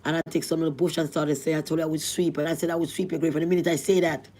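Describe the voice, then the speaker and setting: A middle-aged woman from Jamaica with a Jamaican accent, telling her life story in a rambling, animated way. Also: quick pace. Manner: rambling, animated, rising to cries at high points. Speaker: vlogger. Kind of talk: emotional storytelling.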